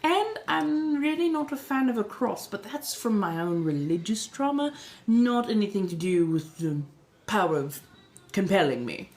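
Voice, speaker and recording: A woman's voice: mid-range voice, expressive, a little mellow, faint music behind, pitched above the performer's own voice, natural voice. A woman voicing a centuries-old refined female vampire in a colonial American accent, chatting with viewers on a livestream and calling them darling. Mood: confiding. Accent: 1700s colonial American. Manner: genteel, unhurried, fond of endearments. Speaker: streamer. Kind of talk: in-character livestream chat.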